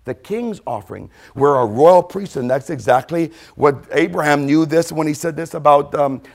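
A man preaching a sermon, emphatic, repeating key phrases and dropping to a quiet stress on points. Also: fairly high pitch, fairly even intonation, normal speed, creaky.

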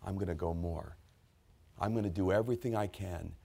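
Male pastor, low gravelly voice, pleading sermon delivery. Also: fairly quick. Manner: builds from hushed storytelling to shouted, pleading altar call.

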